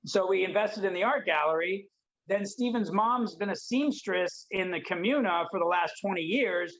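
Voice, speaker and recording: Middle-aged guest from Detroit, high-pitched and excitable, animated storyteller. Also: male voice, normal speed. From Detroit, United States. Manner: energetic, excitable, acts out dialogue. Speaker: interview guest. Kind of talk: animated storytelling in an unedited livestream. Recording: dull lo-fi livestream audio.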